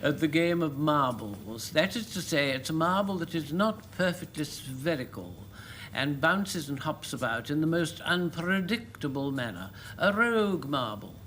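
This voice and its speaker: A man's voice: a little high, animated, normal speed, a bit bright, a little hiss or hum. An older man, a team captain on a panel game, talking in a fussy, genteel way.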